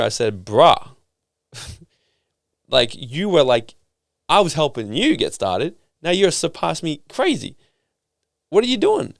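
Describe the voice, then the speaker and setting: A young man, a podcast guest telling stories in a casual, animated way and swearing freely. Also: medium pitch, creaky, no room sound, studio quality. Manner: animated storytelling, swearing casually, acting out quoted people.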